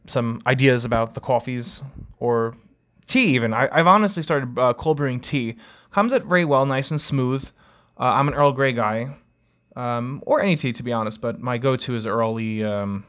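A man's voice: mid-range voice, a bit bright. A man hosting his own podcast, rambling casually with many fillers and making jokes at his own expense. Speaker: podcast host. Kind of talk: casual solo podcast chat.

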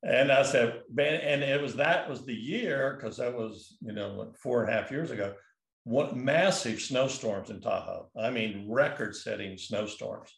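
A man's voice: medium pitch, unhurried, vocal fry, fairly bright tone, roomy sound. A man telling a long personal story in a casual, rambling way, full of restarts and fillers. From California. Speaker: guest.

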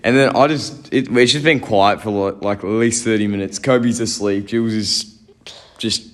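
Teen Aussie boy co-host, casual rambly podcast chat, lowish voice. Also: fairly even intonation, moderate pace. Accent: Australian. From Australia. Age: teens. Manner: rambling, restarts, laughs at own stories.

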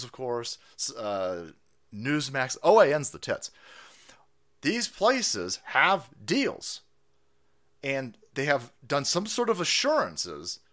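A middle-aged man hosting a livestream, ranting about politics in a loud, profane, laughing way. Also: fairly high pitch. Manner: foul-mouthed, laughing, animated. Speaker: livestream host.

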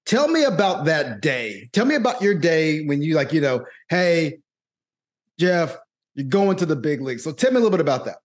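A middle-aged man hosting a podcast, talking in an energetic, hyped-up way with friendly banter. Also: on the high side, normal speed. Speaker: podcast host. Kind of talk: casual interview.

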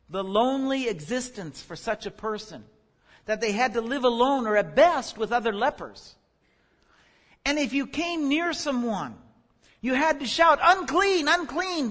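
High-voiced man teaching scripture in a reverberant space. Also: lively intonation, measured pace, fairly bright tone. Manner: earnest teaching, rises sharply when crying out quotes. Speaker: Bible teacher. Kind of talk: Bible study lesson.

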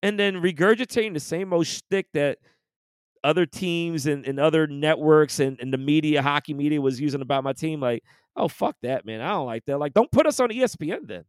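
A man's voice: a little high, fairly quick, clean tone, no echo, clean studio sound. A man co-hosting a podcast, ranting in casual, profane sports chat. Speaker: podcast co-host.

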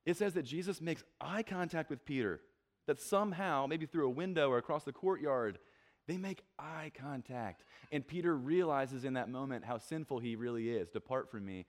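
A young man preaching a casual, conversational sermon, acting out quotes and joking about himself. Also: medium pitch. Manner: conversational, self-deprecating, acts out quotes. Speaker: pastor.

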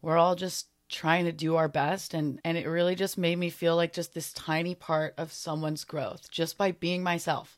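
A young woman with a low-pitched voice talks through her year on her solo podcast. She is sincere and open about her feelings, and her voice sits noticeably deep for a woman. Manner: earnest and heartfelt, a little emotional at times. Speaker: podcast host. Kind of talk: reflective solo podcast talk.

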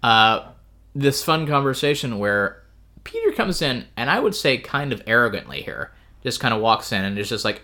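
A man's voice: mid-range voice, very animated, moderate pace, pushed and bright. A man co-hosting a casual book-discussion podcast, talking in a wry, rambling way with plenty of fillers. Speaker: podcast co-host.

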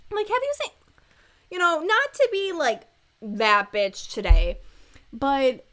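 A woman's voice: sits high, wildly swooping pitch, takes it slowly, sharp tone. A woman in her twenties hosting a casual solo podcast, candid and rambling with lots of asides, joking irreverently and laughing often. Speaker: podcast host.

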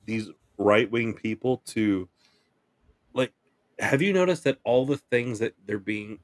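A man's voice: lowish voice, no echo. A man co-hosting a podcast who rants with heat and swears freely, then laughs and jokes along. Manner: fired-up ranting, then joking and laughing. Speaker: podcast co-host. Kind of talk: casual profane chat.

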